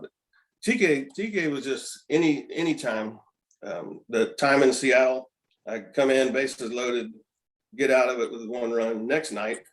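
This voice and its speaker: A man in his fifties, a podcast guest, telling animated stories in casual chat, often chuckling and repeating words. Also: mid-range voice, poor audio. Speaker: podcast guest, former pitcher. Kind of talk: casual storytelling.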